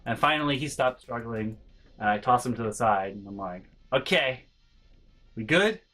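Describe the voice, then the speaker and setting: A young man telling a story about his school days in a casual, animated way, dropping to low mutters and jumping to sudden high yelps. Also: a little fast. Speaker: storytelling vlogger. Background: faint background music.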